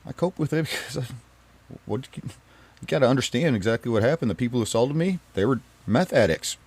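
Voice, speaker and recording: Man telling a personal story to camera, emphatic and pleading, mid-pitched voice. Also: expressive, quick pace, a little mellow, breathy edge.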